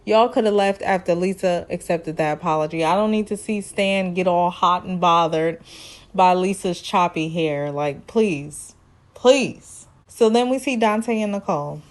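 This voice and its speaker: A woman's voice: on the low side, moderate pace. A woman vlogger giving sassy, teasing commentary in a casual TV recap.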